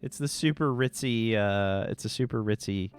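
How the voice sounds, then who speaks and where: A man's voice: on the low side, normal speed, faint music behind. A man narrating as game master of a tabletop game, talking casually with many fillers.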